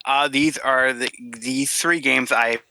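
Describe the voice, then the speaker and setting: Bright-voiced, easygoing podcast man. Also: medium pitch, steady tone, slow, no echo. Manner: easygoing, hesitant. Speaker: podcast co-host. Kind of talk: casual chat.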